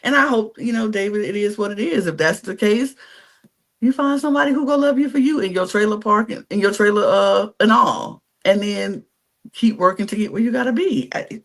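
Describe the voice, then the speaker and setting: A woman, co-hosting a podcast in casual chat, opinionated and animated as she acts out what people said. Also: medium pitch, fairly quick. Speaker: podcast co-host.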